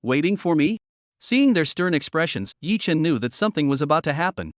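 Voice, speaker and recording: Lively male recap narrator. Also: a little high, a little fast, no echo, studio quality. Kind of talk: scripted narration.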